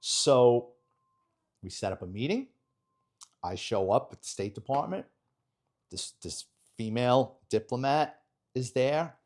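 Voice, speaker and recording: Middle-aged New man, ex-detective guest spinning a case story, blunt and lively. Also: mid-range voice, a little slow, long pauses. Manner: animated, blunt street-wise storyteller. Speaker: retired police detective, guest. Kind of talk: storytelling in a podcast interview.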